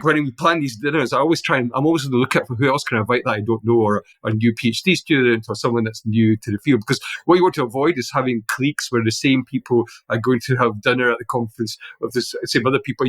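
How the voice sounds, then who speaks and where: Fast-talking Glaswegian man telling stories. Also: medium pitch, dry recording. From Scotland. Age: middle-aged. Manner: animated anecdotes with frequent restarts and laughter. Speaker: guest. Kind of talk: casual conversational storytelling.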